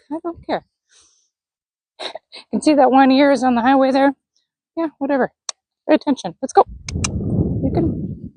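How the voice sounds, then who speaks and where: Lady lunging a horse outside, chatty calm coaching, kinda high voice, dry sound. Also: slightly rough, no room sound, poor audio. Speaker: horse trainer. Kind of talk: narrated lunging session. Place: outdoor arena.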